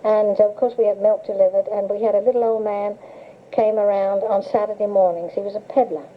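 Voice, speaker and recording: This older woman has a mid-range voice, keeps a steady tone and speaks fairly quickly. She is an interviewee sharing memories in a relaxed, chatty, story-like manner, laughing frequently, captured on tinny old cassette tape full of hiss.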